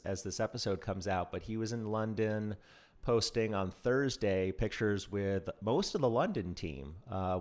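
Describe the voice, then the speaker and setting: A man co-hosting a casual news podcast, reading news with frequent ums and restarts. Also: fairly low pitch. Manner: halting, many ums and restarts. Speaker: podcast co-host.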